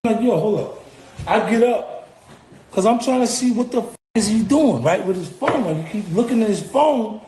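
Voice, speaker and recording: A man telling a profane, animated story in a casual way and acting out the voices he quotes. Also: high-pitched, moderate pace, echoey room, slight background noise. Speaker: rapper recalling an encounter.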